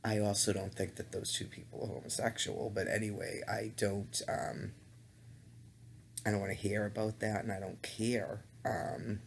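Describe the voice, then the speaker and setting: A gravelly, fairly low male voice with flat delivery and a moderate pace carries an indignant webcam vlog. He hesitates constantly, with ums and restarts, sounding disgusted, and the laptop mic picks up slight background noise.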